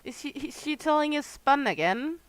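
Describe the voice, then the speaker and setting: A woman's voice: sits high, animated, normal speed. A woman streamer chatting casually with viewers while playing a game, teasing regulars by name. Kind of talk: casual livestream chat with viewers.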